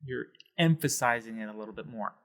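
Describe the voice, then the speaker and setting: A man's voice: medium pitch, fairly quick. A man teaching a Spanish lesson on video, explaining with emphasis and sounding out words syllable by syllable.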